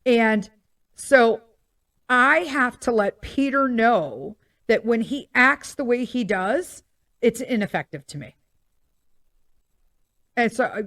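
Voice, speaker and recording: A woman's voice: on the high side, lively intonation, slow pace, long pauses, a bit bright, no room sound, clean studio sound. A woman hosting a podcast, chatting casually about parenting and often checking in with listeners with "okay?". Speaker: podcast host.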